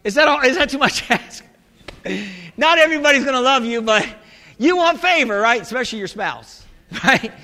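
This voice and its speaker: A male pastor preaching a sermon in an animated, humorous way, calling out to his congregation. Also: extremely high pitch, moderate pace. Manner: animated, humorous preaching with audience call-and-response. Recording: echoey hall.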